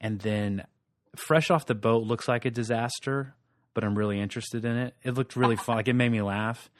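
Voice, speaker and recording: A man's voice: medium pitch, fairly even intonation, moderate pace, no room sound, studio quality. A man co-hosting a casual pop-culture podcast, talking in a chatty, enthusiastic way. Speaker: podcast co-host.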